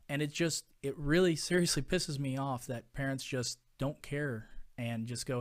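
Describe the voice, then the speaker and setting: A man's voice: mid-range voice, moderate pace, fairly bright tone. A man in his thirties, a podcast host, ranting casually in an emphatic, exasperated way, with many fillers. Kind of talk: casual opinion rant.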